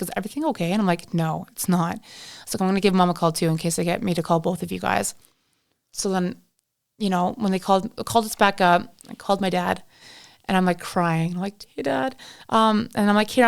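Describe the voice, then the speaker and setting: A woman's voice: medium pitch, smooth. A young woman from Canada telling a long story in casual chat, acting out both sides with lots of "like". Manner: chatty, acts out both sides of a story with filler "like". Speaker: podcast guest.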